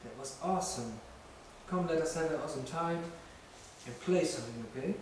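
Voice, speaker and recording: A man, a ghost hunter, coaxing and patient as he speaks softly to an unseen presence inside an old castle. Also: fairly high pitch, fairly quick, recorded from a distance. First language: German. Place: old stone castle interior. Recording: very echoey stone room, off-mic, light hiss.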